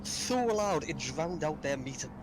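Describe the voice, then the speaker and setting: A man's voice: on the high side, expressive, a little slow. A man chiming in casually to add details to a friend's story. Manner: adds details from off to the side. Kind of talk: casual chat. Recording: noisy, from off-mic.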